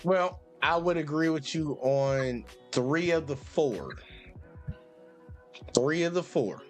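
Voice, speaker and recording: A man's voice: on the high side, animated, slow pace, soft background music. A male host arguing bluntly with a caller on a call-in show, profane and talking over him. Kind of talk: heated call-in debate.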